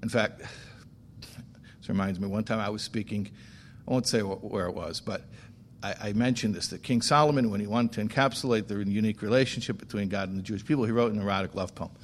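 A man's voice: lowish voice, fairly quick, a little hiss or hum. Man speaking as a rabbi, emphatic storyteller. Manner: animated storyteller acting out dialogue. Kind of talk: storytelling talk on faith.

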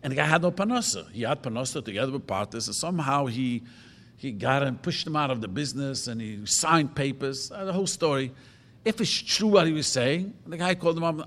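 Rambling rabbi in a reverberant hall. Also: male voice, mid-range voice, expressive, fairly quick, fairly bright tone. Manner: rambling storyteller, self-correcting, earnest. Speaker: rabbi answering questions. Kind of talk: informal Torah talk with audience questions.

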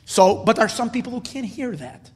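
Man, high voice, Torah teacher, earnest, emphatic, stumbles and repeats, echoing hall. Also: lively intonation, fairly quick, slightly rough. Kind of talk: spoken Torah class. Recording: long hall reverb.

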